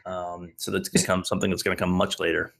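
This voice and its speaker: An American man with a lowish voice hosts a podcast in loose, casual banter. He talks in a laid-back way, swears freely and trails off into ums between thoughts. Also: flat delivery, fast, gravelly, a bit bright. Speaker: podcast host.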